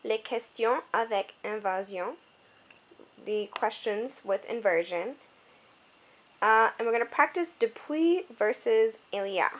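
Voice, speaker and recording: A young woman tutoring French in a homemade video lesson, explaining clearly and stopping now and then to adjust her camera. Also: medium pitch, a bit bright, slight background noise.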